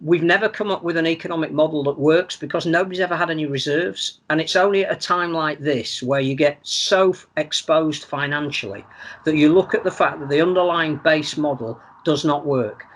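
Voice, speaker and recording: A man giving measured, analytical opinions on a sports podcast, often repeating words as he thinks. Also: fairly high pitch, a bit bright. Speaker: podcast pundit. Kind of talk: casual sports podcast chat.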